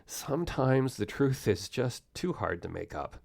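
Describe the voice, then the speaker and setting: Lively, wry man hosting a science podcast. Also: mid-range voice, gravelly, no room sound, clean studio sound. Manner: conversational, with wry jokes and quick asides. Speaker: podcast host. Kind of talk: solo science history podcast narration.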